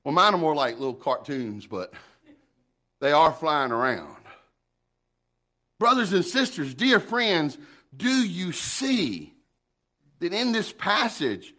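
A middle-aged man preaching a sermon in an animated, folksy way, often repeating words as he builds up. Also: fairly high pitch, takes it slowly, long pauses. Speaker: pastor.

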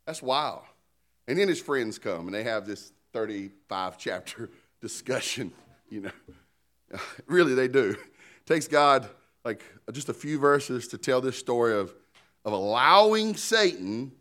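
A man's voice: medium pitch, fairly bright tone. A man preaching a sermon in a conversational, joking style, calling out to the congregation for responses and an amen. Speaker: pastor.

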